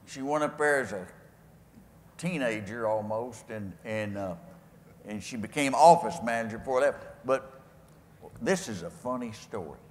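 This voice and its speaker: Here the same kind of guest speaker, an older West Texan, tells rambling, folksy tales laced with homespun sayings before a live crowd. He sounds animated, with a mid-range voice and a measured pace, captured in an echoey hall with faint ambience.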